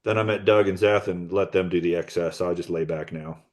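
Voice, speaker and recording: A man's voice: low voice, steady tone, fairly quick, darkish tone. A middle-aged man, a musician guest on a podcast, chatting casually, joking and laughing often. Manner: jokey, laughs often, teasing. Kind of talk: casual interview chat.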